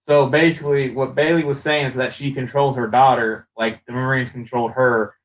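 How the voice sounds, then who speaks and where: A man hosting a casual chat, recapping a show in an animated, rambling way with frequent restarts. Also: medium pitch, a little fast, rough recording. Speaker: show host.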